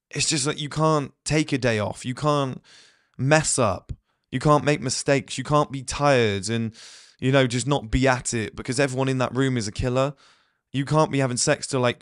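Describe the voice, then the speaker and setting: A man with a medium-pitched voice, recorded with clean studio sound and no echo, hosts a blunt motivational monologue for his viewers. He says he is ill, and he throws in rapid asides and acts out little quotes as he goes.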